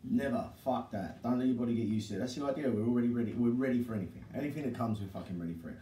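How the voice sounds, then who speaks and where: A man's voice: mid-range voice, rapid-fire, mellow, a little hiss or hum. Brash, sweary man in echoey gym. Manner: blunt, sweary, brash banter. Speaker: podcast co-host. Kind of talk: casual chat. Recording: echoey room, distant mic.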